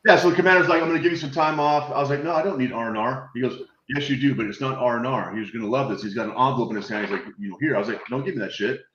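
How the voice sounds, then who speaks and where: A man on a video call telling animated, swear-laced anecdotes in a casual chat, acting out the voices of the people in his stories. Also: mid-range voice, very fast, hardly any pauses, roomy sound, lo-fi sound. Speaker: guest telling war stories.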